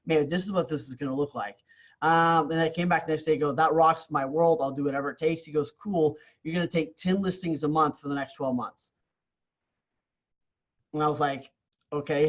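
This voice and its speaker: Lo-fi audio carries a fairly high-pitched man's voice. He's a real estate coach who grew up in Canada, sharing his story on a podcast in an earnest, open way and often repeating words as he begins again.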